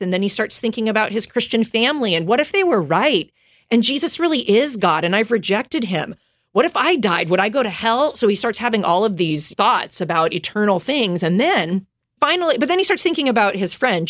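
A woman recounts a story in relaxed podcast talk, sprinkling in fillers, asides and quick laughs. Her voice sits at an ordinary middle pitch. The recording is dry and close, with no room sound. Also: dry recording. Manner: chatty, lots of fillers and asides; laughs often while telling. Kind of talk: casual storytelling.

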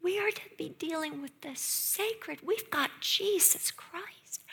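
A middle-aged woman preaching a sermon with passion, dropping to hushed whispers and rising to loud exclamations. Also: very high voice, takes it slowly, few pauses.

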